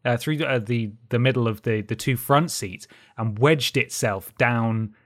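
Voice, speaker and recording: A man co-hosting a gaming podcast, telling an anecdote in an animated, casual way with lots of "like" fillers. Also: medium pitch, unhurried. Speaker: podcast co-host. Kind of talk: casual chat.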